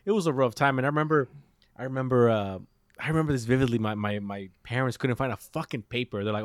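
Fast-talking animated storyteller man. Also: mid-range voice, no echo. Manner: animated storytelling, heavy swearing, slips into Spanish. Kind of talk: casual chat.

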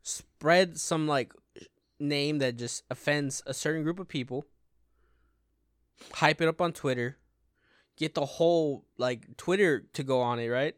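A man's voice: on the high side, a little slow, long pauses, smooth, no room sound, clean studio sound. A man in casual, profane podcast chat as co-host, laid-back and easygoing.

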